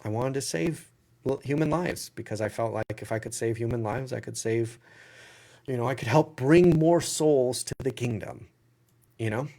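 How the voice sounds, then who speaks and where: A man hosts a live question-and-answer stream, taking viewer questions in a casual, conversational way. He gives blunt, opinionated answers and works through his thoughts out loud in a mid-range voice. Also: mid-range voice, moderate pace. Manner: blunt, opinionated, thinks aloud. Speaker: livestream Q&A host.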